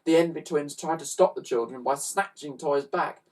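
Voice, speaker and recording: A man reading a children's story aloud with expressive, animated narration, recorded on a slightly distant mic. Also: fairly high pitch, normal speed. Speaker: storybook reader.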